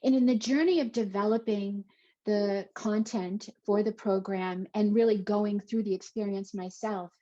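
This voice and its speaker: A woman's voice: mid-range voice, steady tone, moderate pace, mellow. Effusive chatty woman, lo-fi webinar audio. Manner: chatty and effusive, many fillers and exclamations. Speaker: webinar presenter. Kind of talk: casual live webinar talk.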